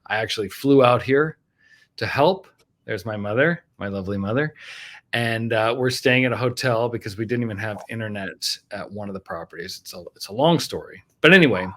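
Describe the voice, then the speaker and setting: A man co-hosting a casual podcast from a hotel room, relaxed and agreeable as he asks questions. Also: on the low side. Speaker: podcast co-host. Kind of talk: casual chat.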